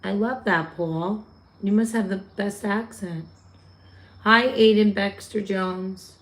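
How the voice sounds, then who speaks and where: A woman's voice: medium pitch, fairly even intonation, takes it slowly. Chatty New York woman on a livestream. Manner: chatty, talks back to viewer comments. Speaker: livestream host. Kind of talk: casual livestream chat reading viewer comments.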